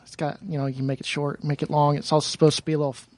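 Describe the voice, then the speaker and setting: A man's voice: fairly high pitch, level tone, rapid-fire, darkish tone, no room sound. A man appearing as a podcast guest, explaining his views thoughtfully with small hesitations. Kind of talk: casual podcast chat.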